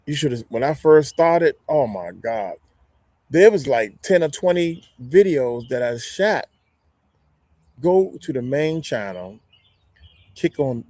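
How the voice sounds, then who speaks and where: A man hosting a live stream talks in a folksy, animated way. He wanders into tangents and then comes back to his point. His voice sits at an average pitch and sounds dry and close. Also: no echo. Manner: folksy, animated, rambling with digressions. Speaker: YouTube growth coach, live stream host. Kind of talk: casual live-stream advice talk.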